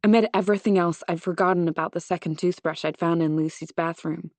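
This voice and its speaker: A woman reading a suspense novel aloud in first person, measured and close to the microphone. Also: on the low side, steady tone, no echo. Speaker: audiobook narrator.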